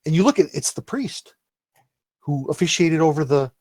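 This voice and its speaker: A fairly high-voiced man narrates a tabletop adventure as game master, tripping over and repeating words as he goes. The sound is dry and close, with no room around it. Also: lively intonation, normal speed, darkish tone, dry recording. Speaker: dungeon master.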